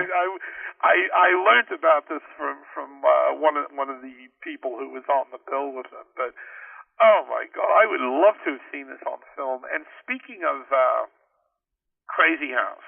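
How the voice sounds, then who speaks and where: An older man, a guest in an interview, telling long rambling anecdotes with many restarts and excited asides. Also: fairly high pitch, creaky, no room sound. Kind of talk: storytelling in an interview. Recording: tinny phone line, distant from the mic.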